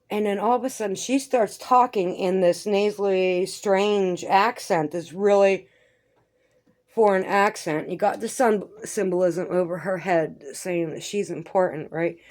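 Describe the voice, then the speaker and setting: A woman giving rambling, conspiratorial commentary over a video as a vlogger. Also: medium pitch. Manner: rambling, conspiratorial, swears casually.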